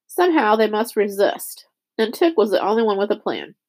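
A woman reading a chapter book aloud as narrator, raising her pitch for the characters' lines. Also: very animated, normal speed, a little mellow. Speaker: audiobook reader. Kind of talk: scripted narration.

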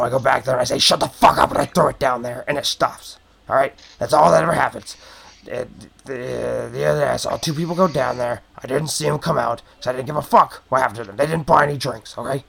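A man's voice: medium pitch, gravelly, slightly rough, pitched below the performer's own voice, heavily acted. A man doing a grumpy foul-mouthed goblin barkeep.

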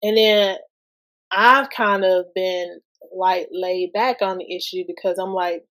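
A woman's voice: on the low side, steady tone, takes it slowly, a bit bright, rough recording. A woman in her thirties hosting a podcast, talking casually about parenting and asking lots of rhetorical questions in loose everyday speech. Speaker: guest podcast host.

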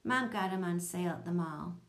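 A woman narrating a children's audiobook, telling it in a lively storytelling manner. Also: brisk. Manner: lively storytelling, voicing children in higher tones.

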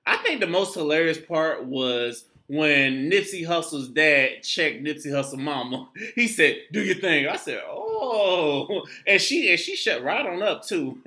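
A man co-hosts a loose, casual podcast conversation, full of slang and quick laughs. His voice sits a bit high and bright, and its pitch swings widely as he talks. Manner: animated, laughs often, slangy. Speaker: podcast co-host. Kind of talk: casual chat.

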